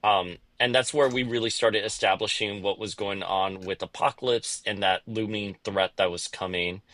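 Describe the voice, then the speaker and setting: A man co-hosting a podcast, chatting casually in an animated, jokey way with some swearing. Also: fairly low pitch, normal speed, no echo. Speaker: podcast co-host.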